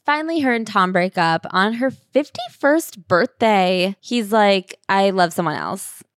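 A woman at a mid pitch tells parts of the story in a casual recap chat. She drops in wry, dry asides. Her voice is close and dry. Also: animated, measured pace, dry recording. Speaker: podcast co-host.

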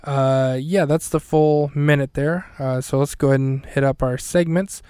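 A man talks through a show recap in a flat, even voice with little rise and fall, wandering and correcting himself as he goes. His tone is smooth and clear, and the sound is close and dry, with no room around it. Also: fairly high pitch, moderate pace, no echo. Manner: rambling, self-correcting, dry humor. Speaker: podcast host. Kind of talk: casual solo recap.

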